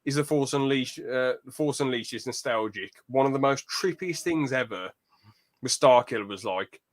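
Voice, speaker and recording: A man hosting a podcast in casual, rambling chat, getting animated when he tells a story. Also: medium pitch, normal speed. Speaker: podcast host.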